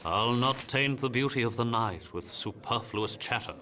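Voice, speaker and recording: Male actor voicing a lofty rogue, measured, bright-toned. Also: mid-range voice, natural voice. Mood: aloof.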